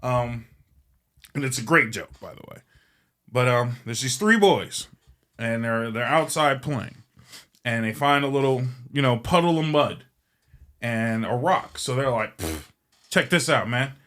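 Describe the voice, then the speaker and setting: A man's voice: mid-range voice, animated, unhurried, pauses often, a bit bright. A man hosting a podcast, telling a long joke in a casual, rambling and profane way. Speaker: podcast host. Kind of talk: casual storytelling.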